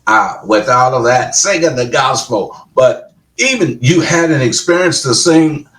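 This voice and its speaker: Lively man host in a roomy space. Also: medium pitch, measured pace, recorded from a distance. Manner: affirming, lead-in questions, chuckles along. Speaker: radio show host. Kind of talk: interviewing. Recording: roomy and away from the mic.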